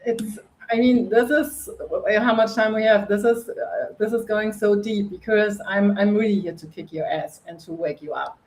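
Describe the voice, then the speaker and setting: A middle-aged woman from northern Germany speaks English with a German accent. She talks as a guest coach on a podcast, blunt and energetic, and laughs often. Her voice sits at a middle pitch for a woman. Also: normal speed, rough recording. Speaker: guest, face yoga coach. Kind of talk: podcast interview.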